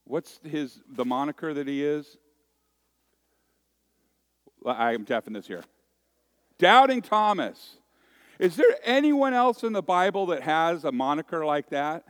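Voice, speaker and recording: A man's voice: fairly high pitch, no room sound. Joking, folksy middle-aged preacher man. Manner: folksy, joking, with conversational asides and restarts. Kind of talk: sermon. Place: church worship service.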